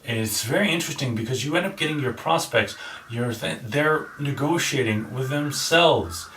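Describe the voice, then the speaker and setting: A man's voice: mid-range voice, animated, normal speed, a bit bright. A man hosting his channel, casually reviewing a negotiation book and demonstrating tones of voice, often restarting his sentences. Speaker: channel host. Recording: roomy echo, voice from a distance with faint ambient noise.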